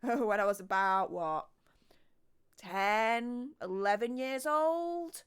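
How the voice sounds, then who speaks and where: A woman's voice: on the high side, takes it slowly, clean tone. A woman, hosting a true crime video in casual, emphatic explainer chat full of ums and restarts. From Yorkshire, England.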